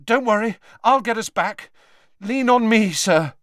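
A man's voice: on the high side, animated, unhurried, fairly bright tone, no echo, studio quality, voice pushed up. A man voicing an anxious, out-of-breath teenage boy wizard who urges and pleads. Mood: panicked, urgent. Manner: pleading, panting urgency.

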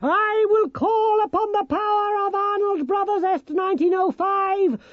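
High-pitched gnome zealot, pompous, slow, shouted sermon, dry and muffled. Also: male voice, dry recording. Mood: ranting. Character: pompous male gnome leader, fanatical preacher.

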